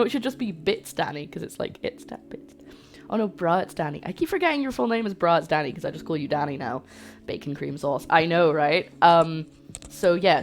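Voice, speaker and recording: Chatty woman cooking live. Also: low-pitched. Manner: chatty and rambling, answers chat aloud. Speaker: cooking livestream host. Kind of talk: casual live-stream chat while cooking. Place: home kitchen.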